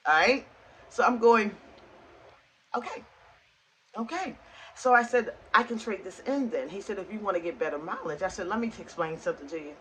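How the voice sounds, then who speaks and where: A woman vlogger telling a casual, animated story in a rant, acting out both sides of a conversation. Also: medium pitch, fairly quick, slight background noise, poor audio.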